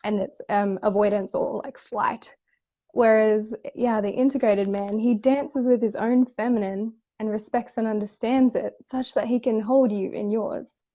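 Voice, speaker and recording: Casting note: higher-voiced earnest woman host, casual swearing, dull lo-fi audio. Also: steady tone, a little slow, dark tone. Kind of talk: casual spiritual chat.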